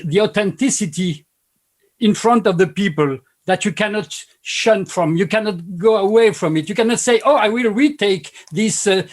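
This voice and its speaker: A man with a French accent speaks as a panel guest, his voice sitting high. He makes his points emphatically and stacks repeated phrases. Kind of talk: panel discussion.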